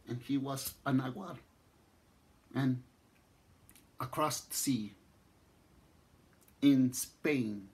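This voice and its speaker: A man with a Mexican accent telling a long story, unhurried and warm-paced, restarting phrases as he goes. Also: husky. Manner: unhurried, repeats and restarts phrases, voices the figures with rising pitch. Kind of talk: spoken storytelling.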